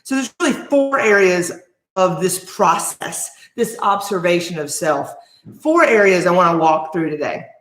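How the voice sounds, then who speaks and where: A woman's voice: lowish voice, lively intonation, a little slow, a bit bright. A woman in her forties, a life coach, giving an emphatic motivational talk to camera with lots of rhetorical questions. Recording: roomy echo.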